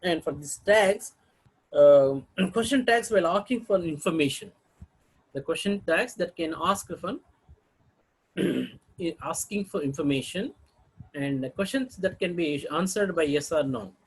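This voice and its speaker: Husky lively male teacher. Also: fairly high pitch, unhurried, long pauses, rough recording. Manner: reads each example sentence twice, clears throat often. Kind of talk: intonation lesson with read-aloud examples.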